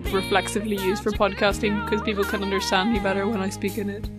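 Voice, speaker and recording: A woman's voice: medium pitch, level tone, quick pace, over music. A woman, chatting casually as a podcast host and a little self-conscious about her polished phone voice.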